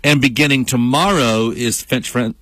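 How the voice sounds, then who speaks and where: A man's voice: medium pitch, moderate pace, fairly bright tone, no room sound. A man co-hosting a local morning radio show, chatting casually and upbeat, often trailing off mid-sentence. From Western North Carolina. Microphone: studio microphone. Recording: dry close studio sound.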